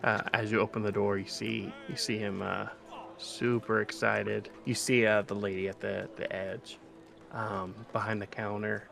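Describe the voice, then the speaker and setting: A man's voice: fairly low pitch, little pitch movement, moderate pace, creaky, a bit bright. A man narrating a tabletop game as game master, laid-back with many fillers.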